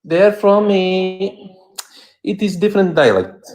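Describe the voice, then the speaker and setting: A man calling into a live stream, speaking slowly in an affected foreign accent. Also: sits high, expressive, darkish tone. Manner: slow, put-on foreign accent. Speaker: caller.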